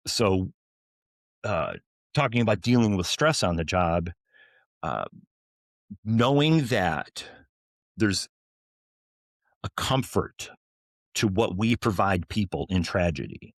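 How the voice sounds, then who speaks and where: Firefighter guy in his 40s, lowish voice, keeps restarting, earnest, dry sound. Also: no room sound. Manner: earnest, frequent restarts and fillers. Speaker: firefighter officer guest. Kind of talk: storytelling interview answers.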